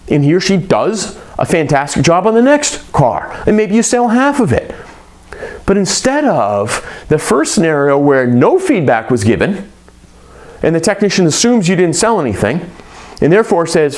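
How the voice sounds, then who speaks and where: A man's voice: on the high side, big pitch swings, moderate pace. A man coaching repair shop staff, talking emphatically and often checking in with rhetorical questions. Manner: acts out quoted shop workers.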